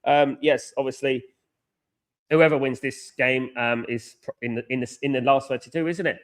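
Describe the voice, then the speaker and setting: A man's voice: mid-range voice, fairly even intonation, moderate pace. A man hosting a live football watchalong, chatting casually, thanking viewers and often repeating himself. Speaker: watchalong host.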